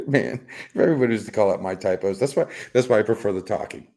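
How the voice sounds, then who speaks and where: A middle-aged man with a low voice hosts a laid-back livestream, reading chat aloud in a loose, rambling way. His tone is rough and gravelly, and he teases viewers and chuckles often. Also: fast, mellow. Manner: rambling, teasing, chuckles often, repeats words. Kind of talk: casual chat.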